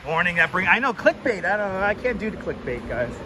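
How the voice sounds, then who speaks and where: A man's voice: high voice, sing-song, fast. A man livestreaming as he walks through city streets, chatting casually and greeting viewers by name, on a wireless clip-on mic. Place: outdoors on busy city streets in summer heat. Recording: street traffic noise behind.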